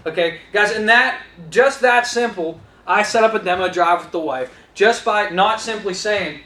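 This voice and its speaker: A man's voice: sits high, normal speed, hardly any pauses, reverberant. A man teaching salespeople, talking energetically to trainees and acting out what he says to customers. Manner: energetic, talks straight to trainees, role-plays customer lines. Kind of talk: instructional talk with acted-out dialogue.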